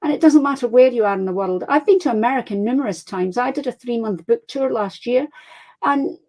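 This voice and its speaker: Scottish woman author, guest interview, animated storyteller, slightly high pitch. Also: fairly quick, low-quality recording. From Scotland. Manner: chatty, animated storyteller, laughs easily. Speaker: crime fiction author guest. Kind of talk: casual interview chat.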